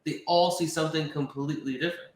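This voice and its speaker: A man's voice: fairly high pitch, fairly even intonation, fast, reverberant, rough recording. A man interviewing a guest in casual chat, agreeing often and asking short follow-up questions.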